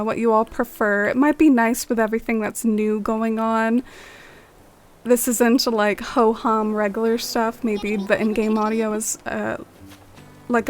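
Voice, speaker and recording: A young woman streaming a game, chatting in a friendly way with viewers and musing aloud. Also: a little high. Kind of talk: casual chat with viewers.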